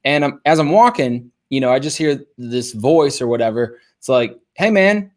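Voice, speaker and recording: Young male podcast host; casual, animated storyteller. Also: medium pitch, normal speed. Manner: casual, animated, lots of fillers.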